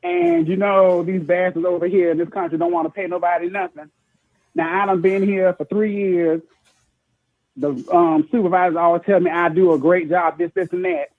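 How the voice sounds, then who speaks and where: A man's voice: high-pitched, expressive, normal speed, gravelly, no room sound. Male caller, frustrated ranting, tinny phone line, dry sound. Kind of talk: call-in commentary.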